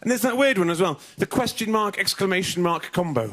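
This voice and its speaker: Lively high-voiced male stand-up comic. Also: a little fast, noisy background. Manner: animated, mock French and mock-suave voices. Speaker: stand-up comedian. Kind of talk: stand-up comedy set. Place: TV comedy studio stage. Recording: TV studio with loud audience laughter.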